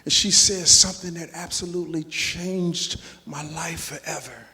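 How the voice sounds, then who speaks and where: A man giving an energetic motivational speech to teachers, telling stories and getting the audience to call back. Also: fairly high pitch, moderate pace. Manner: energetic, storytelling, calls for audience response. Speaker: motivational speaker. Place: large auditorium. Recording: long hall reverb, PA system.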